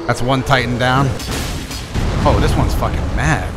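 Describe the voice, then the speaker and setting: A young man giving casual, profane let's play commentary, excitable and trash-talking as he plays. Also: mid-range voice, unhurried, music in the background. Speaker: gaming channel host.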